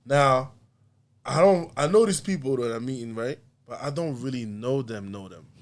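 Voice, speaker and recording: A man's voice: mid-range voice, moderate pace. A man guest on a podcast, telling a story casually and animatedly, acting out other people's lines with frequent laughter. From United States. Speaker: podcast guest, artist and comedian.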